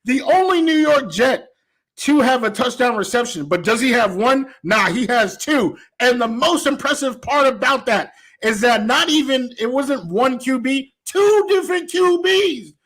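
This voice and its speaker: A man co-hosting a casual sports talk show, playful and excitable, who laughs often. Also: very high voice, measured pace. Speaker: co-host.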